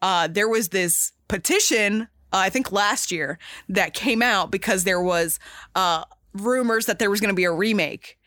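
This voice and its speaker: A woman hosting a podcast in casual chat, talking in an animated, rambling way with many fillers and restarts, emphatic and swearing casually. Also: medium pitch, normal speed, no echo, clean studio sound. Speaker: podcast host.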